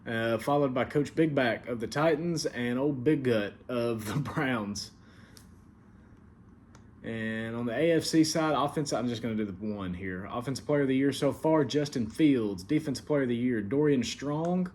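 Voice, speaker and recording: A man's voice: medium pitch, normal speed, a little mellow, slight background noise. Laid-back Southern-accented man recapping. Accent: American Southern. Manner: laid-back, filler-heavy, stern about rules. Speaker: league commissioner and show host. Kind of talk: casual weekly recap.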